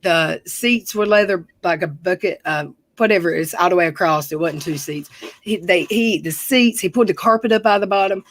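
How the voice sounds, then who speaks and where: A woman's voice: on the low side, a little fast, no echo, low-quality recording. Woman livestream host, casual storyteller, chatty and rambling, dry close sound. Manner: rambling, self-correcting, chatty.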